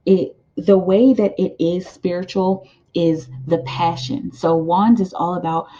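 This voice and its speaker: A woman giving a casual tarot card reading, rambling and animated, with many fillers and laughs. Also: fairly low pitch, unhurried, lo-fi sound.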